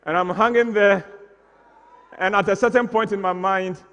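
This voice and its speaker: Animated older storyteller. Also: male voice, high-pitched, normal speed, big-room sound. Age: 60s. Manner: animated, acts out scenes, mock-dramatic. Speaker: stage performer. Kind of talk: comic storytelling on stage.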